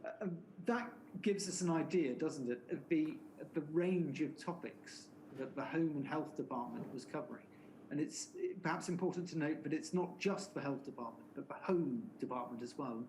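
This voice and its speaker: A man's voice: fairly high pitch, moderate pace, a little mellow, low-quality recording. Male lawyer asking questions, methodical, lots of uhs, faint hiss behind. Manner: methodical, explanatory, many fillers. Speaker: inquiry counsel. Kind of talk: formal questioning.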